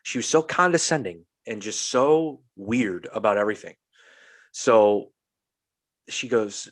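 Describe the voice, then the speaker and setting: A man's voice: on the low side, unhurried, fairly bright tone. A young adult man, a podcast host, telling a story in casual chat, acting out the quotes and swearing freely.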